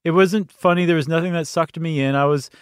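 A man's voice: on the high side, fairly even intonation, fairly quick, clear, resonant tone, no echo, studio quality. A man co-hosting a podcast, giving candid, self-deprecating opinions in casual movie chat. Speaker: podcast co-host.

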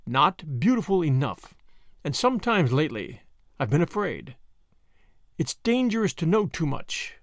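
A hoarse, frightened woman with a soft and dangerous edge, as a man reading the story puts her on. Her voice swings widely between hushed and sharp. The recording is close and dry. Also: a little high, very animated, unhurried, dry recording. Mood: fearful, menacing. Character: fading beauty, frightened, secretive woman.

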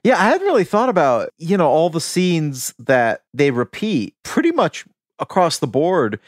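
A man co-hosting a podcast, sharing film trivia in an enthusiastic, animated way and laughing often. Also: a little high, moderate pace, no echo, clean studio sound. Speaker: podcast co-host. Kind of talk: casual film-trivia chat.

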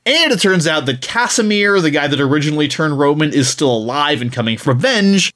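Laughing and cursing, this man runs through a book's storyline as a podcast co-host. His voice sits on the high side and his delivery is brisk and lively.

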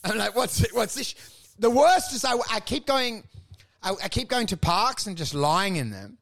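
A man, co-hosting a comedy podcast, rambling through crude stories and acting out scenes in shouted high voices. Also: very animated, moderate pace. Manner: crude, swears often. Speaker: podcast co-host.

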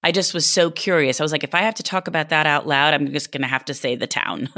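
A woman's voice: sits low, steady tone, fast, pushed and bright. A woman hosting an interview, asking curious, friendly questions. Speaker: interview host. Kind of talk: casual interview chat.

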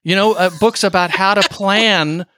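A man hosting a podcast interview, animated and quick to laugh, with self-deprecating asides. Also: high-pitched, no echo, studio quality. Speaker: podcast host. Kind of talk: podcast interview, asking questions.

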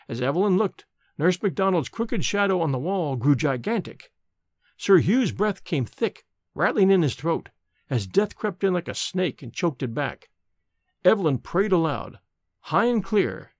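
Male narrator, lively higher voice, dramatic measured reading, dry booth. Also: dry recording. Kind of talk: scripted narration. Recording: dry close recording.

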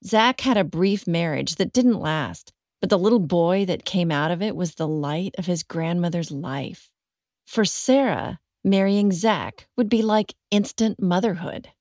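A woman hosting a podcast, reading a scripted true-crime narration in a measured, serious way. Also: on the low side, darkish tone, no echo, clean studio sound.

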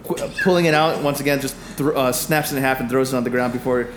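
A man running a tabletop game as game master, narrating combat in halting, filler-heavy descriptions. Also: mid-range voice, fairly even intonation, reverberant, background noise.

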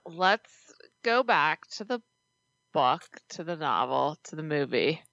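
A woman co-hosts a podcast in blunt, joking chat, cursing offhandedly as she talks. Her lowish voice moves around a lot in pitch. The audio is dry and a little dull, as from a remote setup. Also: very animated, slow pace, a bit bright, no echo. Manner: blunt and joking, swears casually. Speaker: podcast co-host. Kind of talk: casual chat.

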